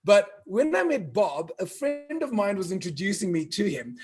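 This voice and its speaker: A man in his fifties from South Africa, hosting a live online launch event in a playful, animated way, telling stories and getting the audience to join in. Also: high voice, moderate pace. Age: 50s. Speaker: event host.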